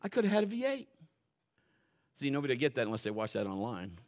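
A male pastor preaching a sermon in a folksy, joking way, dropping to quiet asides and building to loud, fervent stretches. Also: medium pitch, wildly swooping pitch, quick pace. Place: church.

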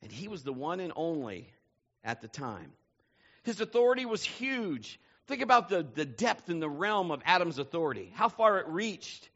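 Animated high-pitched preacher man, dull lo-fi sound. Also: moderate pace. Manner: animated storytelling, building to shouts. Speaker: pastor. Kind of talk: sermon.

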